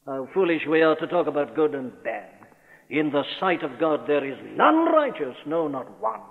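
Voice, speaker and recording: A man's voice: fairly high pitch, very animated, moderate pace. A man preaching a sermon, earnest and emphatic, posing rhetorical questions, from an old radio broadcast recorded in a church. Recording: old radio broadcast recording in a large hall, thin and phone-like.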